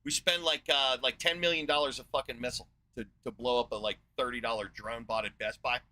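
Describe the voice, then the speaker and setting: A man's voice: mid-range voice, fairly even intonation, fairly quick, pushed and bright. A man in his forties from the United States, ranting in a sarcastic, profane monologue as a podcast host. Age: 40s.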